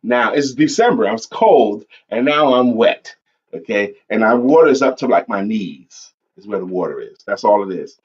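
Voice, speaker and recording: A man co-hosting an online talk show, telling a personal story in an animated way and acting out his own shouts. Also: fairly low pitch, normal speed, slightly rough. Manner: animated storyteller, acts out yelling. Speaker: podcast co-host. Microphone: online stream setup. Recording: dull lo-fi stream audio.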